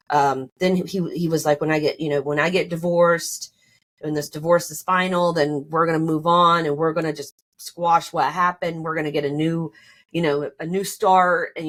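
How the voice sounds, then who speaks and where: A woman telling her own story on a podcast, casually and animatedly, full of "like" and "you know", acting out both sides of arguments in a rising voice. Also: low voice. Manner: many fillers like "like" and "you know".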